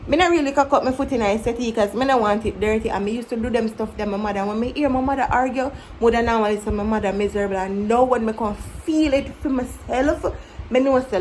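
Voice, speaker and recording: A woman in her twenties speaks with a Jamaican accent in a fairly high voice. She talks to camera in a candid, reflective vlog style and tells her stories with animation. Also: fast talker, a little hiss or hum, low-quality recording. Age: 20s. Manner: candid, animated, breaks into mimicking her younger self. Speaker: vlogger. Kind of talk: casual reflective storytelling to camera.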